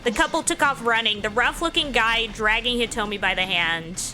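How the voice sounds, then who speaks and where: Woman let's play host, slightly high voice, expressive reader of game text. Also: normal speed, soft background music. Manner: expressive, laughs often. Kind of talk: reading a visual novel aloud with commentary.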